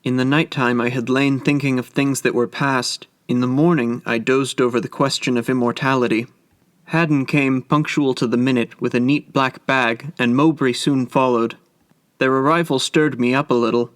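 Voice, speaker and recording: Measured male audiobook narrator, dry sound. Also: mid-range voice, steady tone, no echo. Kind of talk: scripted narration of a classic story.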